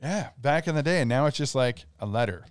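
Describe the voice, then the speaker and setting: A man's voice: mid-range voice, animated, brisk, clear, resonant tone, no room sound, studio quality. A man co-hosting a podcast, asking questions in a laid-back way and laughing often. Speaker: podcast co-host. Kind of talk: casual chat.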